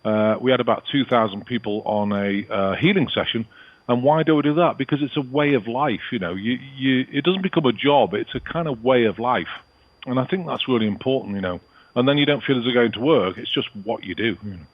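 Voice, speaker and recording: A man's voice: medium pitch, fairly quick, slightly rough, highs cut off. A man with a British accent from England, a guest healer talking casually and rambling in an interview. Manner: rambling, peppered with "you know".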